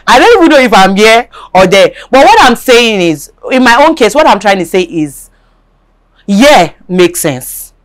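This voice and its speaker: An animated woman host, her pitch moving up and down freely. She is agreeable and chatty, interjecting as she lays out her own view in a relaxed conversation. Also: normal speed. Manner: agreeable, hums along and chuckles, interjects. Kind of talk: casual chat.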